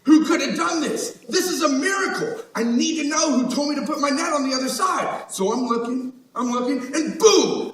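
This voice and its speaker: An actor playing the disciple Peter as an eager, excited fisherman in a church stage skit, often shouting and laughing. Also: very high-pitched, slight background noise. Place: church sanctuary. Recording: echoey hall from far off.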